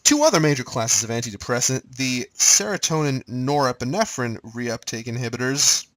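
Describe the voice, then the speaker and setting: A man's voice: medium pitch, expressive, normal speed, a bit bright, low-quality recording. A man giving a recorded pharmacology lecture in a conversational way, quizzing his listeners as he goes.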